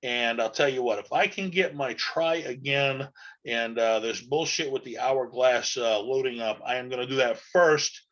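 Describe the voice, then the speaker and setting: Brief: chatty male podcast host, bright, edgy tone, rambling with fillers, lo-fi sound. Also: mid-range voice, moderate pace. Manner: rambling, chatty, loose with fillers and mild swearing. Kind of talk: casual podcast monologue.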